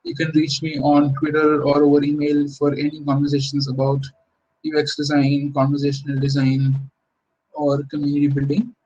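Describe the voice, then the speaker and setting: Flat-voiced man giving a tech talk. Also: a little high, moderate pace, muffled recording, slight background noise. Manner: informal, explanatory, frequent fillers and restarts. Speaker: conference speaker. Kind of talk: recorded tech talk presentation.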